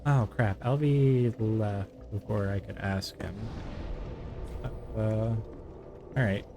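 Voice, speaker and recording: A man's voice: fairly low pitch, takes it slowly, noisy background. A tired, yawning man giving playful, chatty gameplay commentary while streaming. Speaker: gaming streamer.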